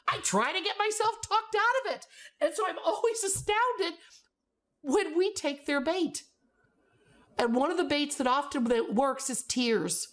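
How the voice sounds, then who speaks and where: A middle-aged woman gives teachers a coaching talk with a lively, swooping voice. She pitches a little high and keeps it playful and animated, slipping into the voices of the people she quotes. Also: moderate pace. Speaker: teacher trainer.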